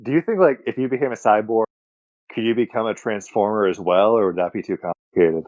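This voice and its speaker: A man's voice: on the low side, brisk, darkish tone, no room sound, highs cut off. Joking young guy, dry close sound. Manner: joking, tangent-prone. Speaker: podcast co-host. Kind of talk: casual chat among friends.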